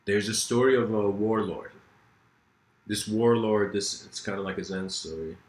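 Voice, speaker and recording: A man's voice: on the low side, steady tone, normal speed, roomy sound, rough recording. A man giving a casual philosophical lecture, telling a story loosely with many fillers.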